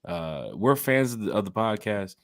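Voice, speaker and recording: Male podcast host, casual chatter, bouncy animated delivery, dry close-mic sound. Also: fairly low pitch, normal speed, dry recording. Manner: animated storyteller acting out quotes. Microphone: home podcast mic and camera.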